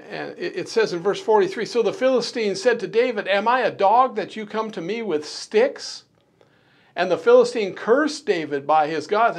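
A man preaching a sermon, emphatic, with quick bursts, slow stressed phrases and frequent restarts. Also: high-pitched. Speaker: pastor.

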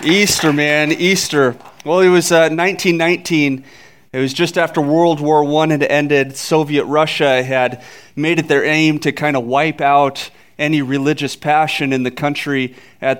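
A male pastor delivers an Easter sermon in a smooth, fairly high voice with a steady tone and moderate pace. His stories build to raised climaxes, and he jokes with the congregation.

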